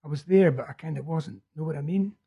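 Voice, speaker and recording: A man reading the part of a feverish young man urgently telling a vision, in a husky voice. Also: fairly high pitch, brisk, highs cut off, voice pushed up. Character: feverish young male prophet, intense and urgent.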